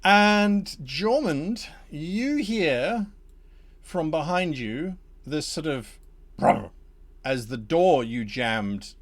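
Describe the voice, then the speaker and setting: A man's voice: fairly high pitch, lively intonation, extremely slow. A man narrating as game master for a tabletop game, playful and chuckling as he tells the story.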